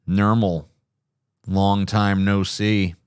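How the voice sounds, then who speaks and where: Guy doing a lazy deadpan cartoon cat voice, low and slow and flat, the lazy male cat being a bit lower than his usual talk. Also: smooth, no echo, clean studio sound.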